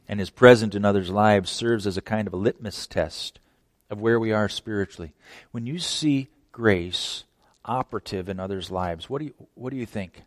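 A man's voice: fairly low pitch, dry recording. A male preacher delivers a sermon in a passionate, emphatic voice. He piles up rhetorical questions and repeats words as he drives each point home. The sound is close and dry.

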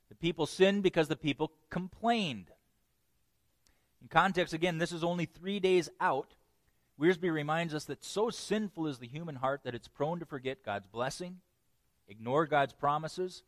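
A man delivers a sermon in a fairly high voice. He teaches with lively humor and plenty of playful asides. The sound is close and dry, with no room around it. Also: no echo. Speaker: pastor.

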